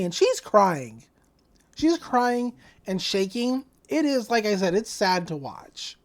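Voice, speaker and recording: A woman's voice: mid-range voice, sing-song, takes it slowly. A woman co-hosting a podcast, casually retelling anime scenes with lots of fillers and "she's like" quotes. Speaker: podcast co-host.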